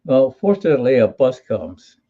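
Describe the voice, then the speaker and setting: A man's voice: medium pitch, big pitch swings, normal speed, narrow, tinny audio. A man in his eighties from Hawaii, a military veteran telling wry, folksy stories in an interview with frequent restarts. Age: 80s. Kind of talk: storytelling in an interview.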